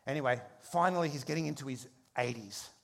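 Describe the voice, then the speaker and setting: A man preaching a sermon, telling a humorous story with animated shifts in pace and loudness. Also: medium pitch, fast, gravelly. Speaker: pastor.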